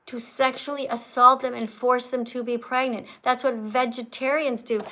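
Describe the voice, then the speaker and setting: Lady hosting a livestream, kinda high voice, preachy and scolding, really drives every point. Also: measured pace, bright, forceful tone, low-quality recording. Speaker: livestream host teaching veganism. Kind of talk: livestream chat and lecturing.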